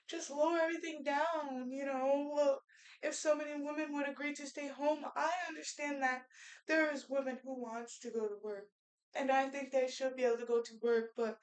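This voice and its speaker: Young mom vlogging, high voice, rambly and earnest, keeps restarting, talks to her baby sometimes. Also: a little mellow, rough recording. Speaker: vlogger and stay-at-home mother. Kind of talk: casual talk to camera.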